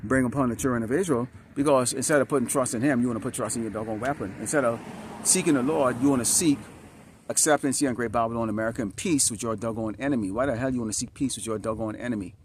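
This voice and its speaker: Speaking quickly in a mid-range voice, this man preaches on the street, reading scripture in an outdoor sermon. He repeats himself emphatically and keeps asking the crowd "Huh?" and "All right?". A little hiss or hum sits under the recording, made outside where it's dusty and a bit windy.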